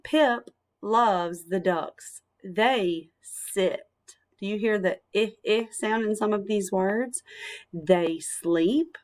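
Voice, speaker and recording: A woman teacher reading a picture book aloud to young children, in a gentle, sing-song storytelling manner with phonics asides. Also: medium pitch, takes it slowly.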